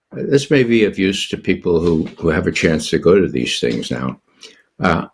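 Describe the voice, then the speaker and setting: An older man with a gravelly, husky voice that swings widely up and down as he talks. He gives political commentary as a guest and drives his points with rhetorical questions. His tone is sardonic and incredulous. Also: low-pitched, fairly bright tone. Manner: emphatic, asks himself rhetorical questions.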